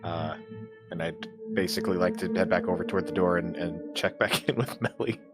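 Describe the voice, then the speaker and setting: A man playing a tabletop game who talks hesitantly, in halting phrases with soft laughs. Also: sits low, over loud music. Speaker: player. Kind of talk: casual tabletop play.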